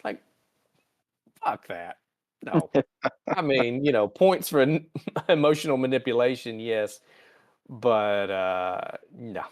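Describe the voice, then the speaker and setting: A man's voice: medium pitch, lively intonation. Profane man recapping a show. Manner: profane, storytelling with quick character voices. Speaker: podcast host. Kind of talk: casual chat recapping an episode.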